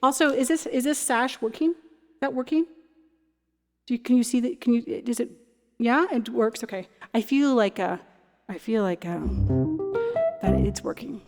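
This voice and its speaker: This woman from Ontario, Canada, somewhere in her thirties or forties, hosts and sings on a cabaret livestream, chatting casually between songs. Her voice is a little high and darkish, with a moderate pace broken by long pauses, and she rambles and restarts her sentences. Long hall reverb and faint music surround her.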